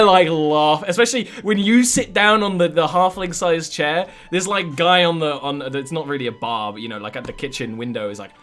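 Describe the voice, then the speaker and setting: A man's voice: on the high side, sharp tone. A man narrating as game master of a tabletop game, rambling and laughing as he describes the scene, often trailing off.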